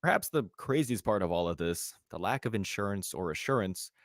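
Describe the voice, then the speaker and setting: A man reads scripted voice-over narration in a low, measured voice. His delivery is grave and deliberate. The recording is dry and close. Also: big pitch swings, no room sound.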